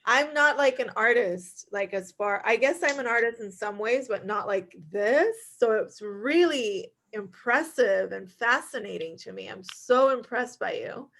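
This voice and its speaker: A woman's voice: fairly high pitch, animated, measured pace, vocal fry, hardly any pauses, fairly bright tone, slight background noise. A woman hosting a podcast, gushing with praise and reacting with many wows. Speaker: podcast host. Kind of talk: casual podcast interview.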